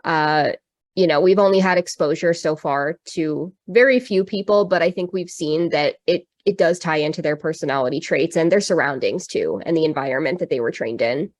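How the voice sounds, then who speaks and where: A woman's voice: sits low, normal speed, no room sound. A woman co-hosting a podcast, talking in a thoughtful, rambling way with lots of fillers. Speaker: podcast co-host. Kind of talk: casual chat.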